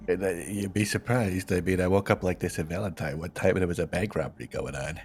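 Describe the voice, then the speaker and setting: A man speaking in character in a roleplay game, laid-back and deadpan. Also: deep voice, quick pace, husky.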